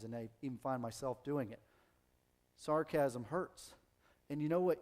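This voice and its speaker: A man's voice: mid-range voice, mellow. A man preaching a sermon in an earnest, conversational way, with frequent restarts and hesitations.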